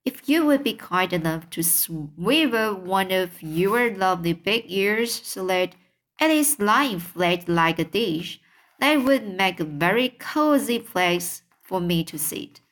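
A woman's voice: medium pitch, animated, takes it slowly. Woman reading as a polite little girl. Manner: soft, polite storybook reading of a girl's lines. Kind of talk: reading a children's book aloud.

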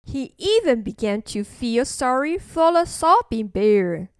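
Slow, sing-song children's storyteller woman. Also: on the high side, very animated, smooth, no echo, clean studio sound. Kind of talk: bilingual children's story narration.

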